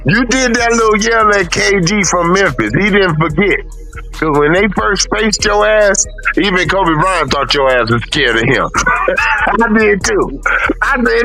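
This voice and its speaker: Podcast co-host, male, high and bright, loud storyteller doing shouted impressions. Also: a little slow, soft background music. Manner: loud, animated storytelling with mimicked shouts and profanity. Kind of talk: casual sports chat.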